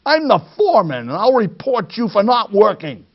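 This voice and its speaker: A man's voice: sits high, big pitch swings, moderate pace, highs cut off, pitched above the performer's own voice, heavily acted. A man playing a bossy factory foreman who barks orders and scolds. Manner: barking orders.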